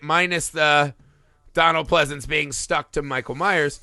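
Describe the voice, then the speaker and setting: A man hosting a casual film podcast, talking in an animated, profane way and acting out movie scenes. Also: on the high side, moderate pace, no room sound, studio quality. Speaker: podcast host.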